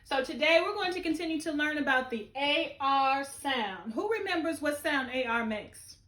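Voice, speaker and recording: A woman's voice: high voice, animated, moderate pace, fairly bright tone. A woman teacher giving a remote phonics lesson to young children, with an encouraging, sing-song classroom delivery. She is recording from home. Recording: roomy echo.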